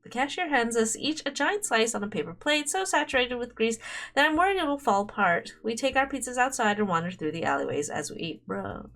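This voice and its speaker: A woman's voice: a little high, expressive, fairly quick, a bit bright. A young woman streamer reading a dating game aloud, playful and giggly, breaking into commentary. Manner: giggly, playful, frequent laughter. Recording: faint game music behind.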